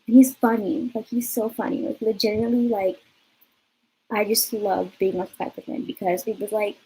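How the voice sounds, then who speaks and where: A young woman in her twenties tells a personal story in a casual vlog, her mid-range voice husky and her pace normal. She's chatty and lively in the retelling, dropping "like" all over the place. The recording quality is low.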